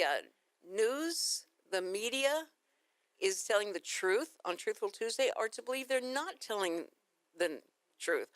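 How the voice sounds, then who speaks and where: A woman's voice: mid-range voice, a bit bright, no echo. A woman with a Texan accent hosting a casual morning radio talk show, rambling through stories and laughing easily. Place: radio studio. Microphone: studio microphone.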